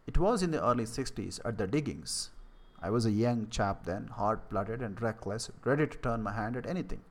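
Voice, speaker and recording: A man's voice: fairly low pitch, lively intonation, moderate pace. A man reading as a weary old dying man. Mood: confessional.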